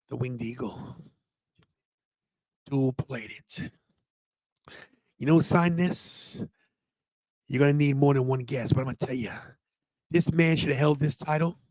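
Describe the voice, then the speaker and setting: A high-pitched man hosts a wrestling watch-party stream, booming mock outrage and swagger at his viewers. He talks close to the mic in a dry, deadened room. His delivery swings between showman bravado and scolding his chat. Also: dry recording. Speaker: podcast host. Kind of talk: livestream watch-party rant.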